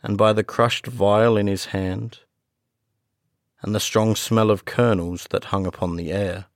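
Slow, gravelly male storyteller. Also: fairly low pitch, fairly even intonation, no echo, studio quality. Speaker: audiobook narrator. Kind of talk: scripted narration.

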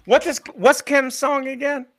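A man's voice: extremely high pitch, steady tone, unhurried, a bit bright. A man bantering casually on a podcast with friends, playful and prone to breaking into song.

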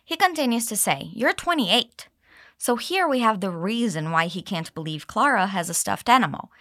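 A woman teaching English, explaining dialogue lines and modeling them slowly for learners to repeat. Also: mid-range voice, animated, fairly bright tone, no echo, clean studio sound. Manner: clear, slow modeling of phrases with exaggerated intonation. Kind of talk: English lesson with repeat-after-me drills.

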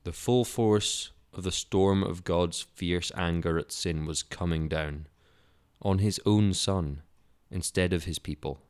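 A man's voice: low voice, takes it slowly, clean tone. A man reading a Bible story for children in a solemn, dramatic way.

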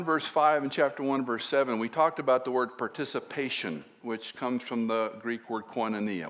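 A man preaching a sermon as a pastor and Bible teacher, earnest and often dropping to a soft, hushed voice to stress a point. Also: medium pitch.

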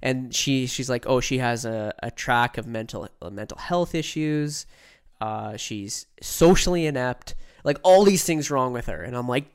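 A man's voice: medium pitch, animated, unhurried, clean tone. A young man co-hosting a podcast, telling a long story in a loose, rambling way. He fills his sentences with "like" and "right?" and acts out what other people said. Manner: acts out quoted voices while telling stories. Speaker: podcast co-host. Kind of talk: casual storytelling chat.

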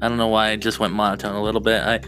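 A young man talks into a close podcast mic in a bright, forceful voice, rambling and breaking off mid-sentence to start again. Soft guitar music plays faintly underneath. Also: fairly low pitch, monotone, very fast. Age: young adult. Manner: rambling, self-interrupting, restarts often. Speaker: podcast host. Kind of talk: solo podcast chat.

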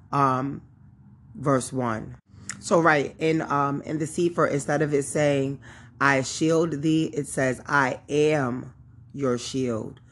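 A woman with a deep, breathy-edged voice reads a Bible chapter aloud and teaches from it. Her approach is casual, with chatty, informal asides and plenty of fillers.

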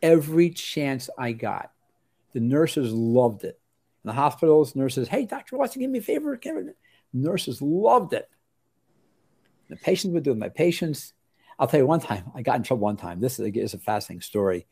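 Mellow-voiced older male doctor telling stories. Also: medium pitch, moderate pace. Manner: rambling, with many restarts and lively acted quotes. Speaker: osteopathic family physician, interview guest. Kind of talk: relaxed storytelling in an interview.

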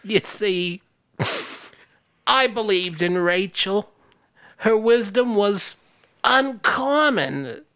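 A man's voice: high voice, lively intonation, extremely slow, long pauses, pushed and bright, clean tone, heavily acted. A man voicing a grieving, devout elderly grandmother in a comedic script table-read, earnest and melodramatic. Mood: solemn.

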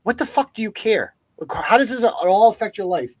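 A man's voice: high-pitched, lively intonation, brisk, a little mellow, dry recording. Profane, sarcastic ranting man. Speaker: podcast host. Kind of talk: live news-commentary podcast.

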